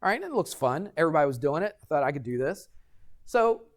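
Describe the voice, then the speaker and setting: A middle-aged man, a math teacher, telling a story to his class and lecturing in an animated way, checking in with students as he goes. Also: fairly high pitch, quick pace. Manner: animated, addresses students directly with frequent "right?".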